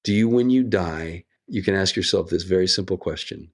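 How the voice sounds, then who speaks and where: Here a low-voiced, middle-aged American actor talks as an interview guest, recounting stories with sincerity and thoughtfulness and letting pauses drag on.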